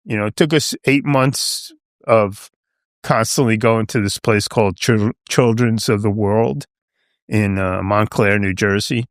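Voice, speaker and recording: Older guy from long island, gravelly low voice, dry close sound, just rambling thru a story, lots of "right?". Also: fairly even intonation, unhurried, no echo. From Long Island, New York. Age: 70s. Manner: rambling, peppered with "you know" and "right?". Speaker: guest. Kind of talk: casual storytelling.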